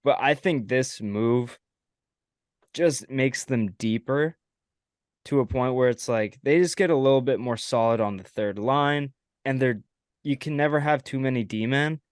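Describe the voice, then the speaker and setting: A man hosting a casual sports podcast, relaxed and talking with fillers. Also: mid-range voice, unhurried, smooth, no echo, studio quality. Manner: relaxed, fillers, laughs along. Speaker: host.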